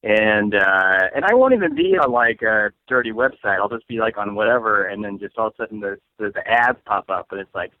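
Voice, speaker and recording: A man's voice: lowish voice, expressive, fairly quick, hardly any pauses, dry recording. A man from Saint Louis, a comedian guest, chatting casually in a rambling way full of fillers and frequent laughs. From Saint Louis, USA. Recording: tinny phone-like line, dry.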